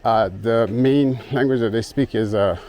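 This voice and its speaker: A man's medium-pitched, slightly mellow voice moves unhurriedly as he vlogs up a rural trail, breathless from climbing. Easygoing and quick to chuckle, he greets locals along the way, filmed on a handheld camera for a casual travel vlog.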